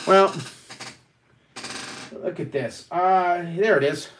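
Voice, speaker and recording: Middle-aged male drawing teacher, slightly high voice, playful and excitable, live kids' webcast from home. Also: slow, a little hiss or hum. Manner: playful, excitable, chatty, addresses kids directly. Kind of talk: live online drawing lesson. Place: at home, son and cat in the room.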